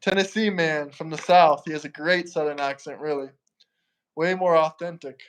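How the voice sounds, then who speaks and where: A man's voice: on the high side, steady tone, normal speed, a bit bright, clean tone. A man from Florida hosting a livestream, easygoing and urging the chat to send in questions. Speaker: livestream host.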